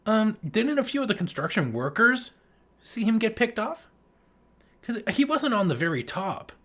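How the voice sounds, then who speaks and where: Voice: medium pitch, sing-song, normal speed, a bit bright. A podcast co-host in casual movie chat who laughs often, swears and acts out scenes.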